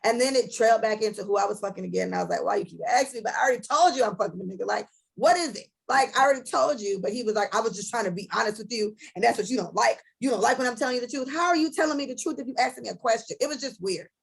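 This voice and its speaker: A young woman with a slightly high, gravelly voice and a husky edge co-hosts a casual podcast. She tells her stories bluntly and profanely, acting out each side of an argument as she goes. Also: racing, few pauses, poor audio. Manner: blunt, profane storytelling that acts out both sides of arguments. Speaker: podcast co-host.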